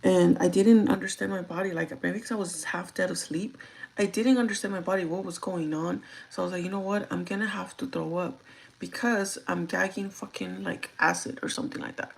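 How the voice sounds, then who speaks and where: A young adult woman livestreaming her makeup routine, telling a story in a chatty, profane, animated way. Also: on the low side, fairly quick, gravelly, low-quality recording. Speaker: livestreaming beauty vlogger. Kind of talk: casual storytelling while doing makeup.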